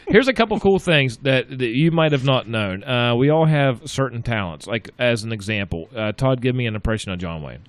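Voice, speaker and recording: A man chats loosely as the host of a local radio show, rambling and circling back over his own words as he promotes community events. His pitch swings lively. The studio sound is dry, with no room around him. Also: moderate pace, no room sound. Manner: rambling, repeats himself, plugs local events. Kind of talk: casual chat.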